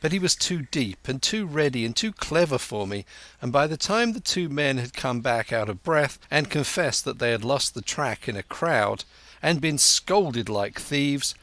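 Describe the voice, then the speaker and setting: A man reading a classic adventure novel aloud in measured, scripted narration. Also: mid-range voice, lively intonation, fairly bright tone. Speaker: audiobook narrator.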